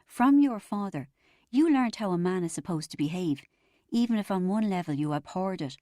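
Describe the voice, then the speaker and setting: A woman reading the part of a calm rehab counsellor who is mild in manner but probing and matter-of-fact. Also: medium pitch, moderate pace, no room sound, studio quality, close to an everyday voice. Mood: firm.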